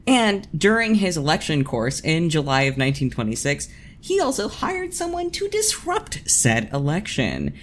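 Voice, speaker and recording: A podcast co-host narrating true crime in casual chat, with sarcastic, deadpan asides. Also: medium pitch, moderate pace, slight background noise.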